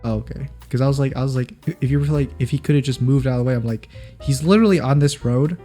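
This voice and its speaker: A man's voice: medium pitch, fast, dark tone, soft background music. A young man co-hosting a podcast in casual chat, rambling and restarting his sentences. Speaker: podcast co-host.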